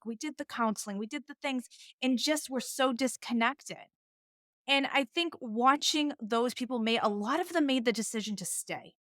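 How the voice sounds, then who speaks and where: A woman's voice: on the high side, normal speed, a bit bright, dry recording, studio quality. A middle-aged woman with a Boston accent, a divorce attorney telling her own story candidly as a podcast guest. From Boston area, US. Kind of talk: podcast conversation.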